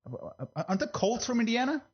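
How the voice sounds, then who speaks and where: A man hosting a casual podcast, relaxed and easily amused. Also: very high-pitched, quick pace, highs cut off. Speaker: podcast host. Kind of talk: casual chat.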